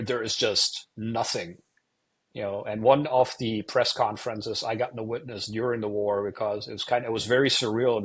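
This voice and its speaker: A man's voice: lowish voice, husky. A middle-aged man from Germany, a guest on an interview show, telling stories in a rambling way full of "you know" fillers. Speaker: guest, retired air force officer and wargamer. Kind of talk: casual interview storytelling.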